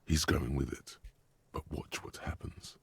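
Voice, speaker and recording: An actor voicing the gravelly inner-voice narrator of a detective game, coaching in grim, urgent second person. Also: male voice, fairly even intonation, unhurried, heavy background noise. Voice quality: deep husky rasp. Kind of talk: game voice acting.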